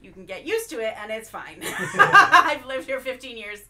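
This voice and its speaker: A woman's voice: high voice, sing-song, normal speed, recorded from a distance, crowd noise. A woman from England chatting at a game table, making wry, amused asides to the audience. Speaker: player and co-host. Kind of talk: casual chat at a game table.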